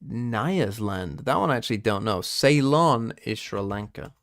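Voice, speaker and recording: A man's voice: medium pitch, animated, normal speed, gravelly, fairly bright tone. British male streamer quizzing chat. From Britain. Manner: swearing, quizzing himself aloud and talking to chat. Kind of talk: casual live-stream chat.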